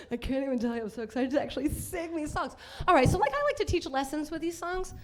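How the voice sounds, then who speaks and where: A woman's voice: high voice, animated, brisk. A woman performing a bawdy live stand-up set in a comedy club, brash and laughing at her own jokes.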